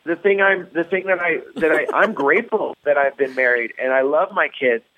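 A man's voice: on the high side, moderate pace. A man, a comedian and guest, telling stories in a casual interview with many restarts. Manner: rambling storyteller with many restarts. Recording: tinny phone-line sound.

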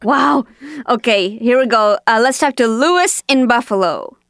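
A woman co-hosting a comedy game podcast, giggly and teasing in quick banter. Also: on the high side, fairly bright tone, smooth, dry recording, clean studio sound. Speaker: podcast co-host.

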